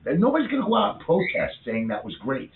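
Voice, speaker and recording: A man's voice: fairly high pitch, huge pitch swings. A man in his fifties in a rambling, swearing casual chat about politics. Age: 50s. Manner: rambling, swearing, quick to rant. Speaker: co-host. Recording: echoey room on a tinny phone-like line.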